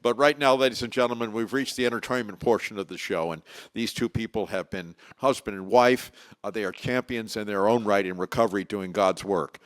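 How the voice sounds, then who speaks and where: A man's voice: on the low side, fairly quick. A man hosting a recovery talk show, rambling and stumbling over names as he introduces guests. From Florida. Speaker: host.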